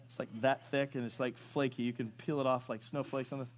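A man preaching a sermon, moving from loud rising questions to low quiet asides. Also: flat delivery, fairly quick. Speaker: pastor. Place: church sanctuary.

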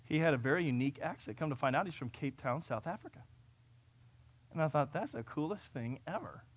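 A man's voice: fairly high pitch, animated, a little fast, husky. Impassioned male preacher from California. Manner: impassioned, swinging between loud peaks and quiet asides; conversational storytelling with fillers and restarts. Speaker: pastor. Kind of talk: sermon.

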